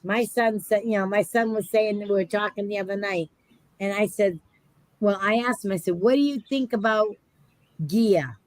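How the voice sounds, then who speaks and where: A woman's voice: mid-range voice, no room sound, low-quality recording. Agreeable woman in casual chat. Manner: agreeable, quick to affirm.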